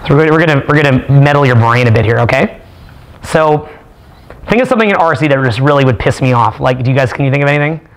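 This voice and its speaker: A man leading a live workshop for a small group, talking in a profane, animated way with mock rants. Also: mid-range voice, quick pace. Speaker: seminar speaker.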